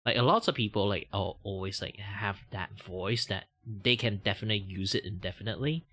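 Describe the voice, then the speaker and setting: A man's voice: lowish voice, a little fast, a bit bright. A man with a Malaysian English accent, chatting casually on a livestream while drawing, rambling with lots of filler words and casual swearing.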